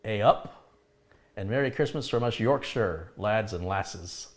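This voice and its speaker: A chatty middle-aged man hosts a live stream and reads out viewer messages. His voice sits a bit low, and he answers each message in a loose, conversational way. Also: lively intonation, measured pace. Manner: chatty, laughs at his own remarks. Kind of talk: casual live chat, reading viewer comments.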